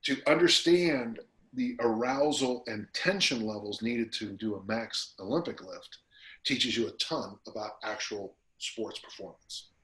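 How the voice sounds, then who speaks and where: A man who is a strength coach, guest on a podcast interview, telling stories in a lively, casual way and acting out the people he quotes. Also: lowish voice, a little slow. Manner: animated storyteller who acts out quotes. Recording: roomy echo.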